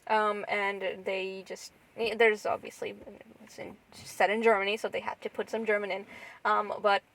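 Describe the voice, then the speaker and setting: A woman's voice: medium pitch, level tone, moderate pace, a bit bright, rough recording. A woman co-hosting a podcast, chatting casually and rambling with lots of restarts and fillers. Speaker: podcast co-host. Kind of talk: casual chat.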